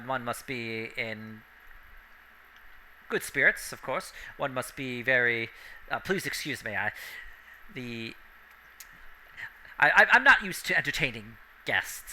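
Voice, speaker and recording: A man's voice: medium pitch, animated, normal speed, long pauses, bright, forceful tone, slight background noise, rough recording. A man voicing a haughty, condescending noble lord who is a necromancer, for a tabletop game. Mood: pompous. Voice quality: haughty, condescending, politely stiff. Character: pompous new male noble lord, a necromancer.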